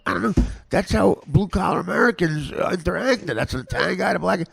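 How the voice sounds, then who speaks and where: A man hosting a comedy podcast, rambling through a story and cutting himself off mid-sentence. His voice is gravelly and a bit high. It swings animatedly up and down. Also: fairly quick. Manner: animated, rambling, self-interrupting. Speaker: podcast host.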